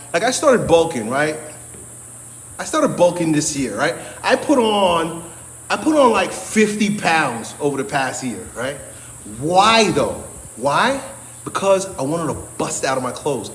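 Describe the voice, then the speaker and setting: A blunt, emphatic man talks casually about training with a fairly high voice. He keeps tossing in "right?" and swears without hesitation. His voice rings with a long echo over a faint background hiss. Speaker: strength coach. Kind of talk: casual motivational talk to camera.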